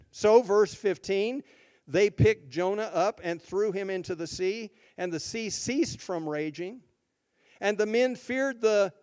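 A man's voice: high voice, gravelly, darkish tone. A male pastor preaching a sermon, reading scripture aloud and then explaining it, leaning hard on key words.

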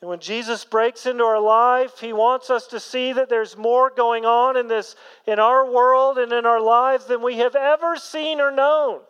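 A man preaching a sermon as pastor, earnest, rising to emphatic peaks and then dropping low. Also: fairly even intonation, a little slow, few pauses, fairly bright tone, clear, resonant tone, long reverb tail, low-quality recording.

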